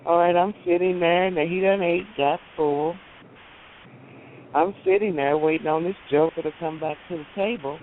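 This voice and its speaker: A woman phones in to a radio show and tells what happened in a halting, indignant way. Her voice comes over a thin, tinny phone line. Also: on the low side. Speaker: caller. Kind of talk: casual storytelling on call-in radio.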